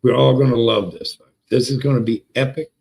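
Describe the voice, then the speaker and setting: Man, livestream host, casual chat, hyped-up, profane, repeats words, greets chat by name, middle pitch. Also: fairly even intonation, fairly quick, creaky, darkish tone, low-quality recording. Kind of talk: casual live-stream chat with viewers.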